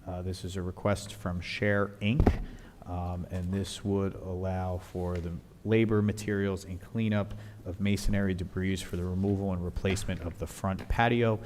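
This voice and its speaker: A man's voice: low-pitched, little pitch movement, moderate pace. A man presenting agenda items at a village council work session in a matter-of-fact way, with frequent fillers. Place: council meeting hall. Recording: reverberant hall with faint noise.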